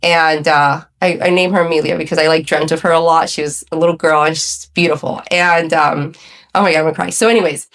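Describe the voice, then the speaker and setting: Woman around forty, low voice, casual chat, animated storytelling. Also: fast talker. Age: 30s. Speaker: podcast guest.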